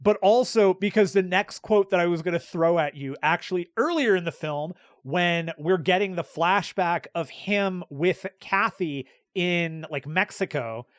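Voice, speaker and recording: Higher-voiced man eagerly retelling scenes. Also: measured pace, few pauses, dry recording, studio quality. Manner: animated storyteller, laughs while retelling quotes. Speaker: podcast co-host. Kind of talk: casual film discussion.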